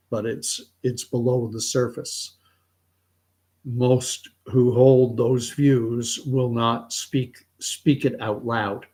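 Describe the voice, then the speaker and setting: A man's voice: medium pitch, a little mellow. Middle-aged canadian guy rambling thru a story, lots of restarts, casual commentary.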